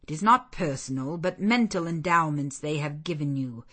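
A woman reading the part of a stern, zealous male missionary clergyman in a deep, relentless, commanding manner. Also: lively intonation, moderate pace, pushed and bright, exaggerated voice. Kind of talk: audiobook character voice.

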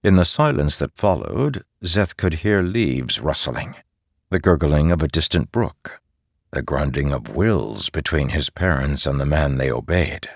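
A man narrating a fantasy story in a measured, expressive way. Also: a bass voice, vocal fry, dry recording, studio quality. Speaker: audiobook narrator.

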